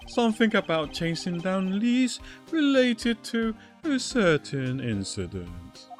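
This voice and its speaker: An eager police detective from a video game reports to his superior with earnest respect, read by a man. His delivery is plain and deferential. Quiet game music runs underneath. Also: high-pitched, very animated, slow pace, pitched above the performer's own voice, heavily acted. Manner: deferential, says sir a lot.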